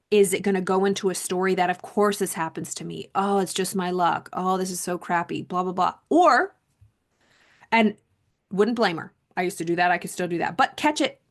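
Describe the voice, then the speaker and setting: A woman coach reading a self-help book aloud, then talking it over in a casual, conversational way and repeating herself for emphasis. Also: mid-range voice. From Southern California. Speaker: mindset coach.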